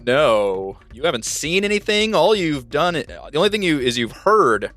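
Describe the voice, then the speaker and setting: Male game master, bright, playful, self-correcting, dry recording. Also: a little high, very animated, a little slow, dry recording. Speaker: dungeon master. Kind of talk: narrating a tabletop game. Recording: dry mic with faint music.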